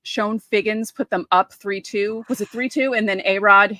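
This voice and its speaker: A woman, co-hosting a podcast and chatting casually, telling lively stories and acting out quotes. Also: mid-range voice, normal speed, dry recording. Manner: animated storyteller, acts out quotes. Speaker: podcast co-host. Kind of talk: casual chat.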